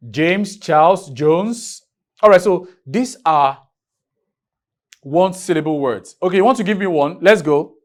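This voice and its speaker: A man from Nigeria teaching an English grammar lesson in a classroom, writing on a board, drawing out key words and firing questions at his students. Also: on the high side. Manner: drawn-out, emphatic teaching with repeated questions to students.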